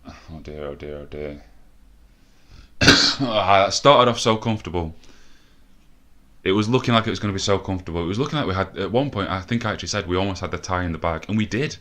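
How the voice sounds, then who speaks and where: A man's voice: sits low, rapid-fire, fairly bright tone. A man commentating his own football management game, frustrated, swearing and thinking aloud. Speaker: gaming video host. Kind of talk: let's play commentary.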